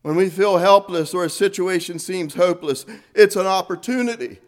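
Man preaching, high voice, earnest, fervent swells, soft drops. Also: moderate pace. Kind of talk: sermon.

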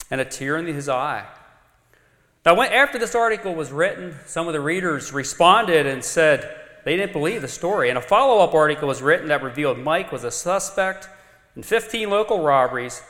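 Animated preacher man in a reverberant hall. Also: high voice. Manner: storytelling with dramatic rises and drops. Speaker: pastor. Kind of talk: sermon. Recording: long reverb of a large hall.

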